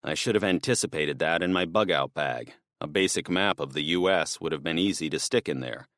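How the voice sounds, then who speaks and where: A man reading an audiobook, voicing a calm, practical middle-aged father who gives his son firm, serious instructions. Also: very deep voice, a little fast, dry recording, studio quality. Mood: firm worried.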